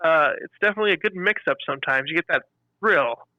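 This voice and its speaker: A man co-hosting a podcast, telling animated stories about customers in a casual chat and acting out their lines. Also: a little high, quick pace, no room sound, dull audio. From California. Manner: animated storyteller, acts out customer quotes. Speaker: podcast co-host.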